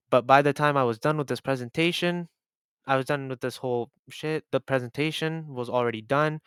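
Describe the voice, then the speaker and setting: A man's voice: mid-range voice, a bit bright, clean tone, no room sound. A young man telling a story-time vlog over gameplay, casual and exasperated, with some swearing. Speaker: YouTuber.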